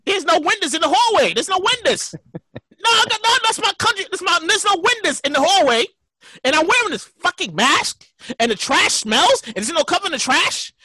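Loud animated high-voiced New man. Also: a little fast, no echo, clean studio sound. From New York. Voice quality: animated, profane, laughing often. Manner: storytelling with loud mock reenactments. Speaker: podcast host. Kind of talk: casual podcast chat.

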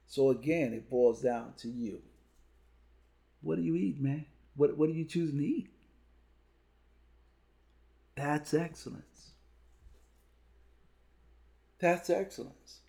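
A man's voice: fairly high pitch, slow pace, gravelly, long pauses, warm tone. A man who speaks at schools, talking in a podcast chat with punchy repeated lines and storytelling. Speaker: motivational speaker. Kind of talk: podcast conversation.

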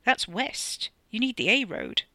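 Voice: mid-range voice, sing-song, a little slow, bright, forceful tone, dry recording, voice pushed up, heavily acted. The author reading a novella, voicing a cocky, sardonic working-class man with a British accent who mutters his lines. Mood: muttering.

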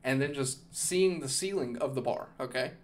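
A man's voice: medium pitch, moderate pace. A man hosting a podcast, casually telling a long story, rambling and swearing, with "okay?" and "dude" thrown in. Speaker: podcast host.

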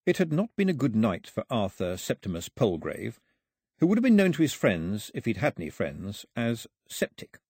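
A man reading a novel aloud with wry, lively storytelling. His voice is husky, and his pitch moves a lot. The recording is dry and close. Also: normal speed, no echo. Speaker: audiobook narrator. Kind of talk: scripted narration.

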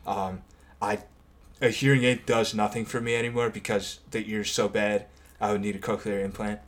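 A man's voice: lowish voice, level tone, moderate pace. A man in his twenties co-hosting a podcast in casual chat, rambling into tangents and laughing between stories. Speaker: podcast co-host.

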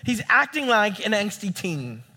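A young man preaching a sermon as a campus pastor, animated and acting out the people he quotes. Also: sits high, a little slow, breathy edge. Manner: animated, acts out quoted voices.

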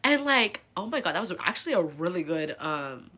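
A woman's voice: low voice, animated, a little fast, a bit bright, breathy edge. A woman in her twenties from California, telling personal stories in a casual, profane, oversharing way as a podcast host. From El Sobrante, California. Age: 20s. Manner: chatty, profane, oversharing, filler-heavy. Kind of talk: casual confessional storytelling.

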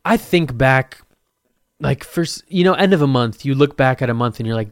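A young man hosting a casual solo podcast, rambling and joking at his own expense, with sudden loud bursts. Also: mid-range voice, lively intonation, moderate pace, no room sound, studio quality. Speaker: podcast host.

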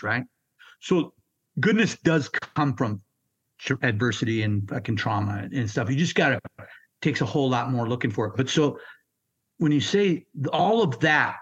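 Blunt, halting older man recounting hardship. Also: medium pitch, a bit bright, dull audio. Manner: blunt, raw and halting, swears freely. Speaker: military veteran interviewee. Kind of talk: candid personal storytelling.

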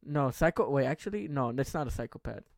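A man's voice: medium pitch, lively intonation, fast talker, vocal fry, dry recording. A young man co-hosting a casual podcast, teasing and questioning his friend and swearing often. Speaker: podcast co-host.

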